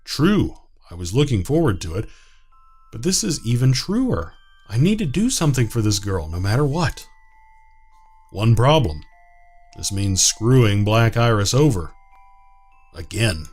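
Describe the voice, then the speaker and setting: A man voicing a kind, soft-hearted young woman in a visual novel, speaking earnestly and gently. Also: medium pitch, sing-song, a little slow, long pauses, breathy edge, soft background music.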